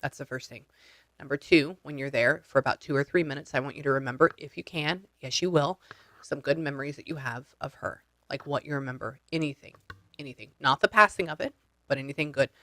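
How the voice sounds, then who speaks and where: Blunt, bright-voiced man coaching over a call. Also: medium pitch, a little fast, no echo. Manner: blunt, casual, coaching step by step; swears freely. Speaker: spiritual medium. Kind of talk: one-on-one session over video call. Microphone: video call.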